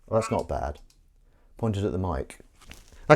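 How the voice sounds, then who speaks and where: Male streamer, low voice with big swings, rambling and self-deprecating, faint background noise. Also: a little slow. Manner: rambling, self-mocking and animated. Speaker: livestream host. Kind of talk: casual live-stream chat. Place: outdoors in wind.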